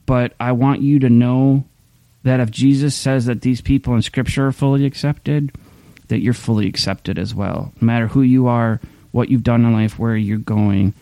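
A man's voice: medium pitch, steady tone, normal speed, dark tone, dry recording. A man preaching a sermon in a candid, conversational way, often restarting his sentences. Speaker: pastor. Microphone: streaming camera mic.

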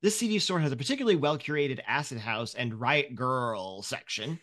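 A man's voice: mid-range voice, normal speed. A man running a tabletop role-playing game, narrating scenes with lots of ums and likes. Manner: relaxed, filler-heavy narration. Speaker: game master.

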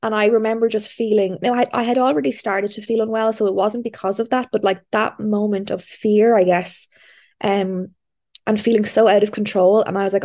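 A woman's voice: medium pitch, fairly even intonation, a little fast, a little mellow. A woman, hosting a podcast and telling a personal story in candid, chatty casual talk. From Ireland. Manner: candid, chatty storytelling with frequent fillers and restarts. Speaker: podcast host. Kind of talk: casual interview chat.

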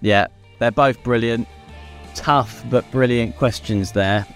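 A man's voice: medium pitch, slow, soft background music. A man co-hosting a casual podcast chat, easygoing and chummy. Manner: easygoing, says mate and yeah a lot. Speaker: podcast co-host.

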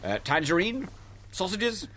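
A man's voice: high voice, big pitch swings, measured pace, bright, forceful tone. A middle-aged man explains how to play Father Christmas in a playful, theatrical way. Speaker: Santa trainer. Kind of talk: explanatory interview talk.

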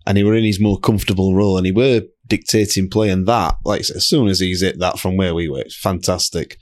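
A man's voice: sits low, fairly even intonation, fast talker, darkish tone, no room sound. A man co-hosting a football podcast, plain-spoken and opinionated. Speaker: podcast co-host. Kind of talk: casual football chat.

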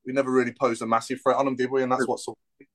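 A man from the area talks football with friends on a podcast. He speaks quickly at a middling pitch and rambles through his points. He fills the gaps with "you know" and tag questions. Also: flat delivery. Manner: fast, rambling, lots of fillers. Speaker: podcast panelist. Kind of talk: casual football chat.

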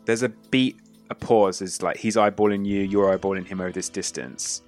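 A man's voice: low voice, steady tone, moderate pace, a little mellow, faint music behind. A man narrating a western tabletop game as game master, describing scenes loosely with many fillers.

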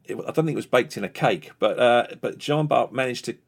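A man's voice: medium pitch, a little fast. A man telling a long story in a chatty, hesitant way, with many fillers and small laughs. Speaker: author guest. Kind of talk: conversational storytelling.

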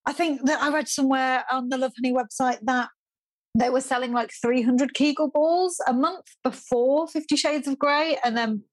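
A woman's voice: high-pitched, normal speed, no echo. A woman from the UK, a sex and relationship expert guest, chatting casually on a podcast and laughing often. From United Kingdom.

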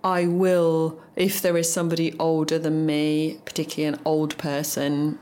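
A young adult woman with a low voice talks casually and frankly. She is opinionated and laughs often as she tells her stories. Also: completely flat delivery, normal speed, dark tone. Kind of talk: casual chat.

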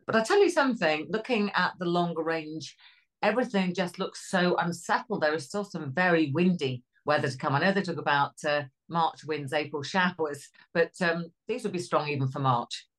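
A woman's voice: low voice, normal speed. A middle-aged woman from Cheshire, co-hosting a casual weather chat in an easygoing, lightly humorous way. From Cheshire, England. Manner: easygoing and conversational, with light humour. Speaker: podcast co-host, weather presenter.

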